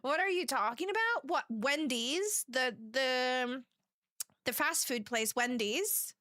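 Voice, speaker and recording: A woman's voice: high-pitched, animated, slow, sharp tone, dry recording, clean studio sound. A woman livestreamer chatting casually with her live audience, giggling often and reading viewer messages aloud.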